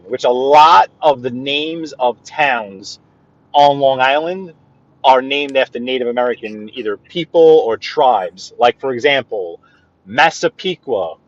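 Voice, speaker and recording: A man with a Brooklyn accent, hosting a casual live stream from his car and rambling to viewers and a guest. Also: medium pitch. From Brooklyn, New York. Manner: rambling, chatty, answers viewers' comments. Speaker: livestream host. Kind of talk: casual live-stream chat while driving. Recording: dull, dry lo-fi sound.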